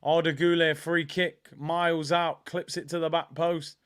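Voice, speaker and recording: Male watchalong host, high-pitched, excitable live match commentary. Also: unhurried, clear, resonant tone. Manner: excitable, chatty, reacting to play and chat messages.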